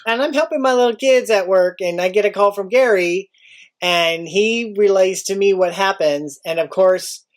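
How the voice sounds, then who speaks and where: A man who works as a teacher, telling a story casually and acting out his own panic with sudden high outbursts. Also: moderate pace.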